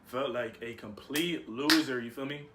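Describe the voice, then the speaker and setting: A young man telling a story to his viewers in a casual, slangy, animated way. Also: medium pitch, moderate pace, a faint crowd. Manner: slangy, animated, keeps saying "you feel me".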